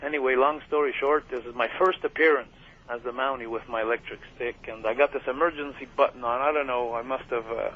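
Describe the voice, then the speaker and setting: This man speaks quickly in a mid-range, steady voice as an interview guest, loosely recounting wrestling stories with lots of fillers and laughter. The audio has the muffled quality of a radio broadcast, with a faint hiss.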